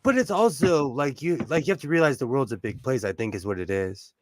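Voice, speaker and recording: A man's voice: medium pitch, lively intonation, a little fast, slight background noise. A man from Southern California co-hosting a livestream in casual chat, joking and laughing often as he talks. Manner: jokey, laughs often, trails off and restarts. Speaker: livestream co-host.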